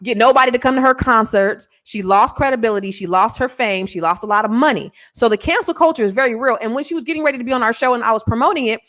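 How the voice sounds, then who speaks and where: A woman's voice: fairly high pitch, fast, few pauses, a bit bright. A woman co-hosting a casual chat show, blunt and argumentative, often talking over her partner. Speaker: co-host.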